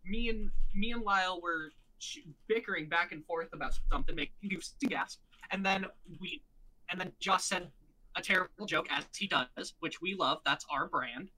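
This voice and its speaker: A man's voice: high voice, moderate pace, pushed and bright, low-quality recording. A man guesting on a podcast, chatty and jokey, laughing easily. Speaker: podcast guest, channel co-host. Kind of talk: casual chat.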